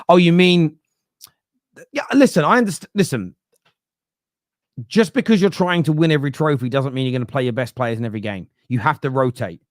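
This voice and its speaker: A young man talking football live from his room at home, loose and animated, cutting himself off and starting over. His voice sits in the middle range and sounds close and dry, with no room around it. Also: medium pitch, a little fast, long pauses, no echo. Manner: animated, laughing, self-interrupting. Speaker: football pundit. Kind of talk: live football chat reading viewer comments.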